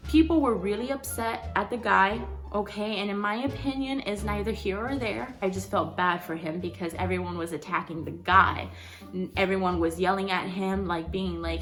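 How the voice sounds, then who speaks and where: A young woman vlogger telling a story in a casual, animated way, packed with fillers and swearing. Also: medium pitch, moderate pace, soft background music.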